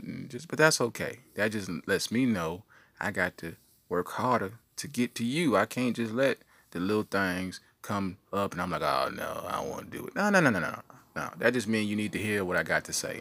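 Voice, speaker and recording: A man's voice: lowish voice, gravelly, a bit bright, dry recording. A man hosting his own podcast, telling rambling stories in a playful, slangy manner. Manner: playful storyteller, slangy asides. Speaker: podcast host. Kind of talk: casual solo podcast monologue.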